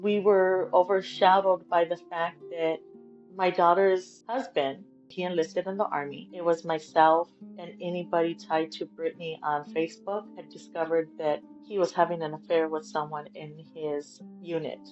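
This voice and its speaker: A woman's voice: fairly low pitch, flat delivery, normal speed, a little mellow, lo-fi sound, faint music behind. A middle-aged woman, a guest in an interview, tells a painful family story with feeling and often acts out past conversations. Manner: emotional, retells conversations by quoting them.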